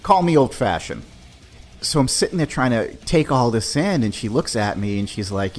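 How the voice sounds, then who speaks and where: A man's voice: fairly low pitch, normal speed, slight background noise. A man hosting a podcast, telling a personal story in a loose, conversational way. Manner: loose, conversational, animated, full of "man" and "you know". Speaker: podcast host.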